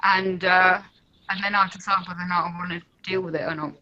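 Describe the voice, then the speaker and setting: A woman's voice: lowish voice, fairly even intonation, fairly quick, pushed and bright, dull audio. A woman calling in to a live talk show, chatting in a rambling way with lots of fillers and asides. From United Kingdom. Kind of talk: casual chat.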